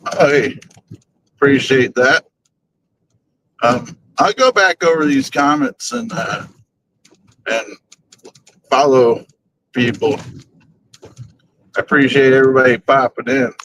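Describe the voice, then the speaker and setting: A man's voice: mid-range voice, slow pace, long pauses, background noise. A man hosting a paranormal group's live stream, chatting casually from his car on the way to work, rambling and chuckling often. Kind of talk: casual live-stream chat while driving.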